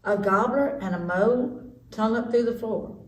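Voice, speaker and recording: A woman reading a children's story aloud with slow, expressive delivery. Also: a little high. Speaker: story time reader. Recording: echoey room, distant mic, faint noise.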